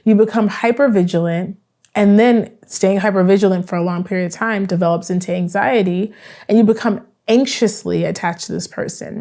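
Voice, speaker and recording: A woman's voice: medium pitch, mellow. A woman therapist explaining in a chatty, conversational way. She often checks in with the listener by asking "right?". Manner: chatty, acts out both sides of dialogues.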